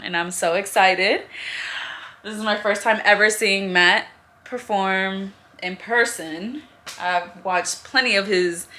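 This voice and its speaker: A young woman vlogging casually to a phone camera in her car, telling stories in a chatty, animated way. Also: mid-range voice.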